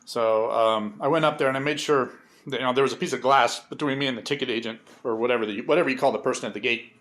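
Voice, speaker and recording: A man telling a story in a casual, rambling way, sardonic and swearing freely, with many pauses and fillers. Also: mid-range voice. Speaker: vlogger. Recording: loud vehicle noise behind.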